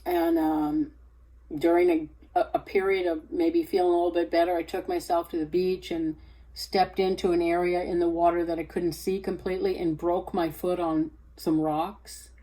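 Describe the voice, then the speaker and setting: A woman sharing a personal faith testimony, halting and hesitant with many fillers, growing more animated when she retells scripture. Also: low-quality recording. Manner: rises in pitch and energy when retelling scripture.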